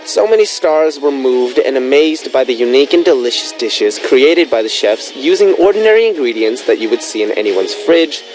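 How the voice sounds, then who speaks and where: A man in his twenties hosting a radio music show, upbeat and enthusiastic in a studio. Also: rough recording. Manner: bouncy, enthusiastic, big pitch swings. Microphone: studio microphone.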